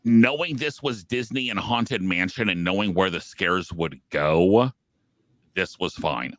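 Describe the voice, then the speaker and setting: A man co-hosting a podcast in casual chat, relaxed and matter-of-fact. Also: sits low, measured pace. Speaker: podcast co-host.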